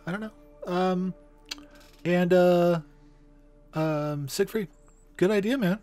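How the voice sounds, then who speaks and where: A man's voice: high-pitched, slow pace, darkish tone, faint music behind. A man playing in a tabletop game, talking in a hesitant way full of fillers and restarts. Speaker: player. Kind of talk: casual tabletop game talk.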